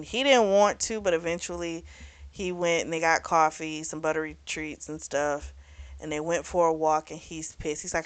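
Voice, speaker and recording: Blunt, animated woman recapping a book. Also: low-pitched, normal speed, clear, resonant tone, no echo. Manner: animated, blunt and opinionated, swears and laughs. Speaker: book club host. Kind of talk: casual book recap and review.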